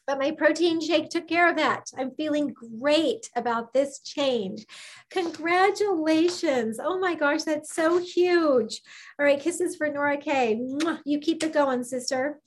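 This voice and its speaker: A woman's voice: sits high, a little slow, slight background noise. A middle-aged woman hosting a live health program on a video call, reading participants' comments aloud with effusive praise. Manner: effusive and gushing, sends kisses.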